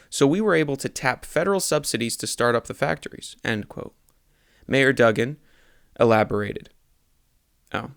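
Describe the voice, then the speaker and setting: Man, young adult, gravelly, dry close sound, deadpan spoof news reading. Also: mid-range voice, no echo. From Texas. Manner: self-correcting reader who swears at his own mistakes. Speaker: satirical newspaper writer reading his articles.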